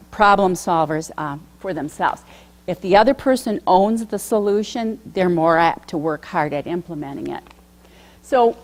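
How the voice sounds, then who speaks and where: Woman presenting a coaching workshop. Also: medium pitch. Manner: conversational, with frequent "um" and "uh" pauses. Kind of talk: lecture on coaching communication.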